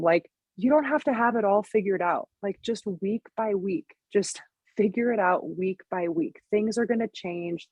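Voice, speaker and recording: Husky and a little mellow, this mid-range female voice carries no echo. She's in her thirties, a business owner and fitness coach guesting on a podcast, chatty and quick to laugh, filling her speech with "like" and "you know."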